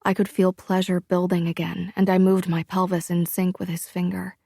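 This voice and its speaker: Gravelly-voiced woman narrating an audiobook. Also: lowish voice, level tone, normal speed, mellow, no room sound, clean studio sound. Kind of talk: first-person romance narration.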